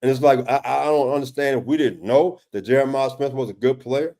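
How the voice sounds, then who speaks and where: A man's voice: mid-range voice, a little fast, mellow. A man analyzing game film in a casual talk, emphatic and exasperated, with repeated words and restarts as he questions a play. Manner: emphatic, exasperated questioning, often addresses co-host by name. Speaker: football defensive analyst. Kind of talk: casual film-breakdown discussion.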